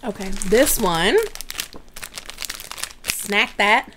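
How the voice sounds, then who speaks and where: A woman's voice: medium pitch, drawn-out words, background noise. A woman co-hosting a snack review, chatting casually and reading package descriptions aloud. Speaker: co-host of a snack review show. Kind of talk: casual snack-tasting chat.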